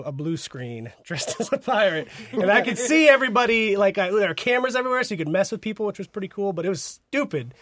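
A man's voice: high voice, fairly bright tone. A man in his thirties co-hosting a podcast, telling a laid-back story and laughing often. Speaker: podcast co-host. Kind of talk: casual chat.

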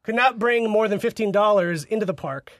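A man's voice: high-pitched, brisk, fairly bright tone, no room sound. A man in his thirties co-hosting a podcast, telling a laid-back story and laughing often. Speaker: podcast co-host. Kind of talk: casual chat.

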